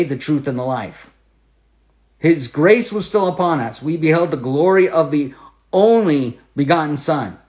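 A man teaching the Bible on a podcast, emphatic and repeating key phrases, with swings between loud preaching and quiet asides. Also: on the high side.

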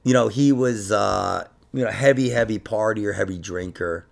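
A man chatting casually on a podcast, rambling and swearing, with loud bursts of laughter. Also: lowish voice, normal speed, gravelly. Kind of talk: casual chat.

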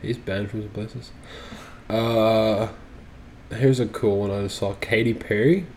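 A young man with a slightly low voice co-hosts a casual podcast chat. He reads web articles aloud and throws in dry, sarcastic asides. A faint hiss sits under the recording. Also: steady tone, measured pace, a little mellow. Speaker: podcast co-host.

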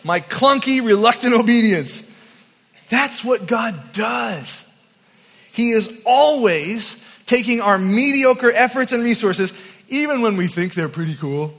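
A man preaches to young people at a camp, weaving in humorous, self-deprecating stories. His voice sits high for a man. The sound carries a long, lingering hall reverb. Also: animated, unhurried, a bit bright. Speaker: youth camp speaker. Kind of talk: storytelling sermon.

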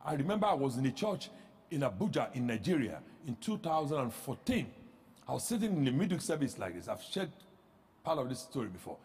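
A man pastor preaching a sermon, animated, with rhetorical questions that rise into shouts. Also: mid-range voice, brisk, long reverb tail.

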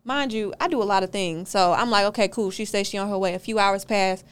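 A woman's voice: medium pitch, fairly quick, smooth. A young woman, a podcast guest, telling a story in a casual interview and acting out both sides of it. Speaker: podcast guest, car rental owner.

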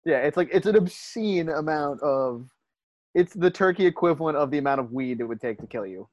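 Lively, swearing man telling stories. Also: a little high, brisk, no echo, dull audio. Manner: animated storyteller, swears, laughs often. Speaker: podcast co-host. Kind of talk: casual podcast chat.

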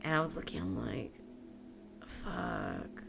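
Animated, cursing young woman podcast host. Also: deep voice, normal speed, slight background noise. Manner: animated storytelling, swears freely, laughs often. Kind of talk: casual chat.

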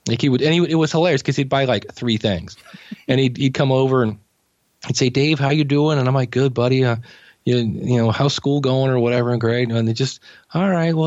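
A man's voice: medium pitch, a little mellow, no room sound. Man, podcast guest, casual storyteller, muffled dry recording. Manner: rambling anecdotes, acting out his own past remarks. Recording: dull dry lo-fi audio.

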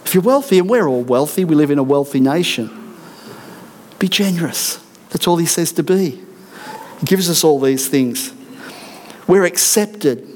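A man's voice: on the high side, unhurried, pauses often, a little mellow. A middle-aged man, a senior pastor, preaching a sermon in an earnest, emphatic way with repeated declarations in a church. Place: church auditorium.

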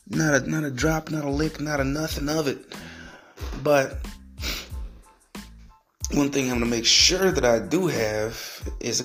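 A man's voice: mid-range voice, fairly bright tone. A man hosting a solo podcast, ranting in a profane, rambling way and repeating himself. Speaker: podcast host.

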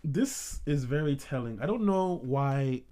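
A man's voice: mid-range voice, expressive, a little slow, dark tone. A man hosting a podcast, talking in a rambling, casual way with many restarts. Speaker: podcast host. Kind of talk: casual chat.

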